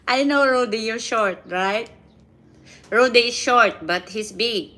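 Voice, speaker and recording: A livestream host with a slightly high, sharp-toned voice chats casually and laughs frequently. She uses simple phrasing, repeats her words, and speaks with non-native grammar.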